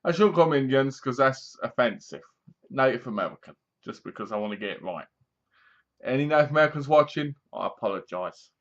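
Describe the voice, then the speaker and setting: A man's voice: mid-range voice, fairly quick. Rambling man reviewing a film, English accent. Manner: rambling, animated, sarcastic-sounding. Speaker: movie reviewer. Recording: dull lo-fi recording.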